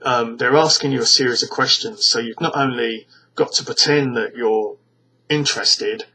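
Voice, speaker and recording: British guy vlogging, bright forceful tone, keeps restarting his sentences, fed up and scornful. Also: mid-range voice, normal speed, breathy edge, poor audio. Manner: rambling, with frequent stammered restarts; scornful, exasperated. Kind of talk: casual ranting monologue to camera.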